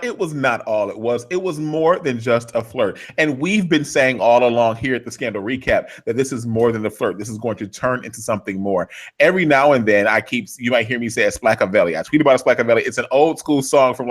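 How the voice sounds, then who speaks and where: Male co-host, playful and animated, live recap chat. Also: medium pitch, brisk. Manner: playful, excitable, sings snippets. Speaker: podcast co-host.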